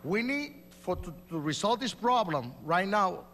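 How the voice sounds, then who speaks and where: A man's voice: high voice, sing-song, normal speed, bright, forceful tone. A man in his forties with a Puerto Rican Spanish accent, answering debate questions emphatically in loose, broken English. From New York. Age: 40s. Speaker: mayoral candidate. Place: large hall at a live debate. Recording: reverberant hall with faint hum.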